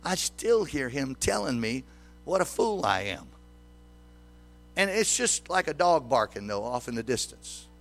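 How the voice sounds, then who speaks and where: A man's voice: mid-range voice, very animated, unhurried, a bit bright, soft background music. A man in his sixties preaching a sermon as pastor, often putting questions to the congregation. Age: 60s.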